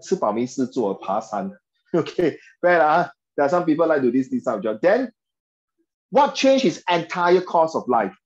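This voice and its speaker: A man's voice: on the high side, big pitch swings, moderate pace, lo-fi sound. A man with a Singaporean English accent teaching an online English class in a chatty way. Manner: chatty, mixes in Mandarin, frequent okay and right. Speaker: English tutor.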